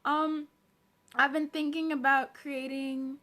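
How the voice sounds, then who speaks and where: A woman's voice: high voice, level tone, slow, a bit bright. A woman from Zambia, a personal development coach, chatting on a late-night live stream, greeting viewers by name.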